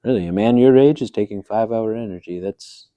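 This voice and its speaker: A man's voice: fairly low pitch, a little fast, dark tone, dry recording, lo-fi sound, lightly acted. An actor playing a stern late-night talk show host who questions his guest in a dry, incredulous and scolding manner in an improv comedy sketch.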